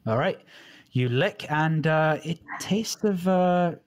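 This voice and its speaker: A man narrating as dungeon master, in a relaxed, rambling way with many restarts, recorded at home for a live stream. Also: fairly high pitch, takes it slowly. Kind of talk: narrating a tabletop game. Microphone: home mic on a live stream.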